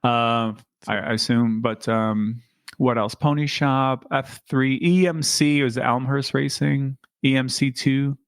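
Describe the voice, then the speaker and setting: A man with a gravelly, creaky voice at a middle pitch talks casually, wandering through his thoughts with frequent ums and restarts. He is recorded close and dry, with no room sound. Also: fairly even intonation, measured pace, no echo. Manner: rambling, full of ums and restarts. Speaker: podcast co-host and amateur bike racer. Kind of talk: casual chat.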